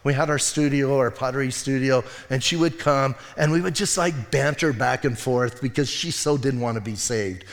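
A male pastor preaching a sermon, telling stories with lively acted quotes and laughter. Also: mid-range voice, moderate pace, few pauses, big-room sound. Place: church sanctuary.

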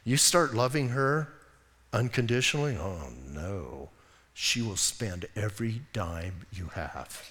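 Emphatic pastor preaching in a reverberant church. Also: male voice, unhurried. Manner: emphatic, keeps saying "listen" to the congregation; swings between loud bursts and soft low asides. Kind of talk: sermon.

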